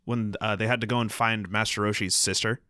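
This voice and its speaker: Male co-host, somewhat low voice, laid-back and hesitant delivery, dry mic. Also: level tone, a little fast, sharp tone, smooth, dry recording. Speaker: podcast co-host. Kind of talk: casual chat.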